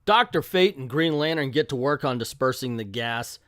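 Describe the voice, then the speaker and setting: A man's voice: mid-range voice, expressive, normal speed, a bit bright, no room sound, studio quality. A man casually reviewing an old comic book, joking irreverently and reading captions aloud.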